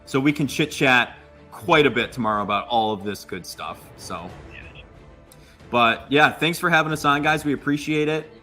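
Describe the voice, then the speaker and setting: A man hosting a podcast, chatting casually through live draft coverage with quick asides. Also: medium pitch, animated, sharp tone, soft background music. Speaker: podcast host.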